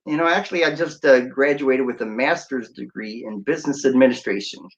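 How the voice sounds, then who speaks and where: A man's voice: mid-range voice, a little fast, lo-fi sound. Jokey male DJ hosting a livestream. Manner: jokey, playful, breaks into sung snippets and laughs. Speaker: radio DJ and livestream host. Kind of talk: casual livestream chat.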